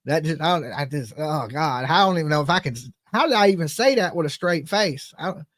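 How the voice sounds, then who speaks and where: A high-pitched man with a drawl hosts his own channel, ranting in a casual, animated way. His talk is loose and joking, with sudden jumps in volume. The sound is dry and close, with no room echo. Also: brisk. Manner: animated, joking, drops into mock voices. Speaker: channel host.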